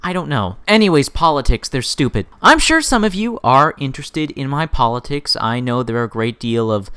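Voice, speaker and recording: A man in his twenties ranting in an unscripted vlog, rambling and sarcastic, with sudden jumps in pitch. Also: very animated, normal speed, bright, forceful tone, smooth, no room sound, clean studio sound. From Canada. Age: 20s. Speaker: gaming YouTuber.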